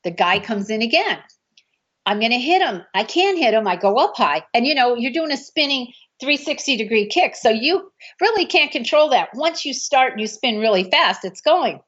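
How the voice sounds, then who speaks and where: Her voice is on the high side, husky and fairly bright, and she's very animated while keeping a normal speed. A martial arts film actress, she recounts a shoot and performs other people's dialogue, heard through dull lo-fi sound.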